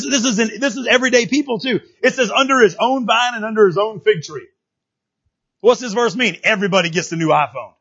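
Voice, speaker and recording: Animated high-voiced male preacher. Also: breathy edge, dull audio. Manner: animated, conversational preaching with repeated restarts. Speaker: pastor. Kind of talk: sermon.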